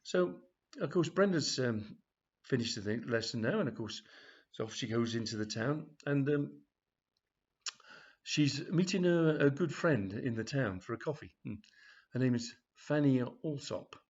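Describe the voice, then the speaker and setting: Husky man telling a cheeky story. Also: medium pitch, expressive, measured pace. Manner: rambling, full of ums and chuckles. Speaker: comedy storyteller. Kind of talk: reading a comic story aloud. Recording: dull, lo-fi home recording.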